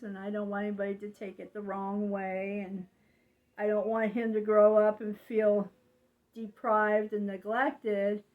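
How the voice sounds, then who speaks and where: Slow, rambling older woman. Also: mid-range voice, narrow, tinny audio. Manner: slow, rambling, confiding, with frequent "you know". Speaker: vlogger. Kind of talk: casual monologue.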